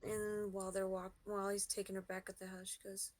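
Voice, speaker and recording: A woman's voice: mid-range voice, monotone, brisk, a little mellow, dry recording. A woman player casually narrating her character's actions in a tabletop game.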